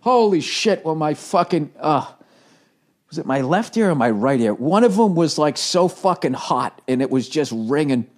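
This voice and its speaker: A man's voice: fairly high pitch, lively intonation, normal speed, a little mellow. A man in his forties, a comedian telling rambling, profane, self-mocking stories in casual conversation. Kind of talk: conversational storytelling.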